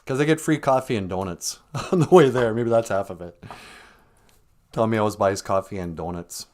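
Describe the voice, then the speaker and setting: A man's voice: fairly low pitch, moderate pace, a little mellow. A man delivering a rambling, sardonic comic monologue on a live stream. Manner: sardonic, rambling, with mocking put-on voices.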